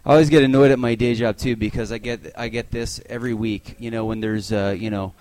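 A stand-up comedian on a club stage speaks fairly quickly in a mid-range, darkish voice with fairly even intonation and no echo. He complains through exasperated rants and acts out the voices of the people he mocks.

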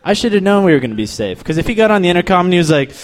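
A young man from Texas doing a crude, deadpan stand-up set, then chatting casually about himself. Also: high voice, rapid-fire. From El Paso, Texas. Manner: deadpan, crude, stumbling restarts. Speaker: stand-up comedian.

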